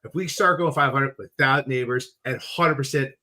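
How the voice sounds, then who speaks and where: A man's voice: mid-range voice, normal speed, sharp tone. A man appearing as a guest on a sports podcast, chatting casually and making emphatic, blunt predictions.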